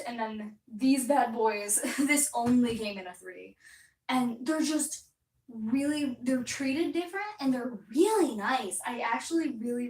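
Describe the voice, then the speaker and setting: A young woman chats casually with viewers on a livestream while she paints, rambling and stopping to read out their comments. Her voice sits a little high. It is picked up by a distant mic in an echoing room. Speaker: artist live-streaming. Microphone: distant mic, moves around while working. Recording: roomy echo, voice off-mic.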